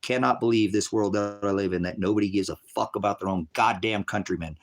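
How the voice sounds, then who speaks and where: An angry, distraught man ranting profanely on a livestream, at times shouting. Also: on the low side, fairly quick.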